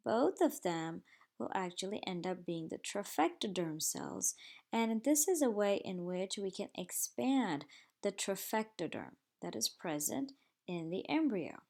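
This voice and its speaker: A woman giving a recorded slide lecture in a measured, explanatory way. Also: medium pitch, very animated, creaky, darkish tone.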